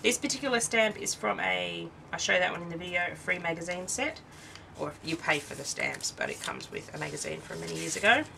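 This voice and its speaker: A woman's voice: on the low side, big pitch swings, brisk, creaky, pushed and bright, far from the mic, slight background noise, low-quality recording. A tired Australian woman chatting casually as she shows off her craft work, rambling and cutting herself off mid-sentence. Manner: chatty, rambling, self-interrupting. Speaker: craft channel host. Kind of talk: casual show-and-tell craft video.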